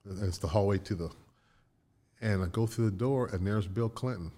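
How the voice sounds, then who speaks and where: An older man from Indiana, a guest in a casual interview, tells animated anecdotes with restarts and laughs. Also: fairly low pitch, moderate pace. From Indiana, USA.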